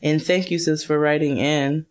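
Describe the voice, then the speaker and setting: A woman's voice: low-pitched, fairly even intonation, moderate pace, a little mellow. A woman co-hosting a casual podcast, reading listener emails aloud in a playful, joking way. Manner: playful, joking, laughs often. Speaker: podcast co-host.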